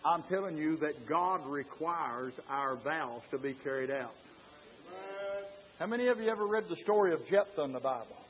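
Male preacher, high voice, fiery sermon delivery, muffled lo-fi church recording. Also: animated, normal speed, slight background noise. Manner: fervent, rising to shouts; rhetorical questions to the congregation.

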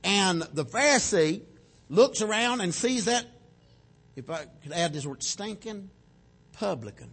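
A preacher delivers a sermon with a husky, slightly breathy voice. His pitch sits a little high and swings widely as he acts out the prayers of the people in his story. The delivery is animated and full of feeling. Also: normal speed.

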